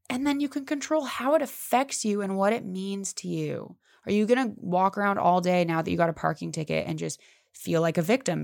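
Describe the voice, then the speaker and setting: Gravelly-voiced woman podcaster, emphatic. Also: dry recording, clean studio sound. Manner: emphatic, swears casually, animated pitch jumps. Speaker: podcast host. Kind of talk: casual motivational podcast monologue.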